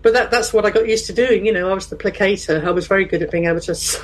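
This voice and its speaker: A woman chatting as a guest on an interview show. She tells her stories with lots of laughter, and her voice sits at a middling pitch. The delivery is casual and animated. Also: rapid-fire, low-quality recording. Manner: lively storyteller who laughs often. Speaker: podcaster and guest.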